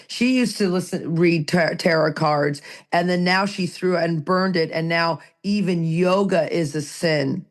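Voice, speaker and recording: A woman co-hosting a recovery podcast, talking in a lively, rambling way and reading passages aloud. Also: lowish voice. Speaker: podcast co-host. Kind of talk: casual recovery podcast chat.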